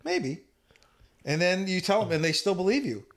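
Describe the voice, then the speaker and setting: A man's voice: sits high, sing-song, normal speed. A man on a comedy podcast, making dry interjecting remarks in casual chat.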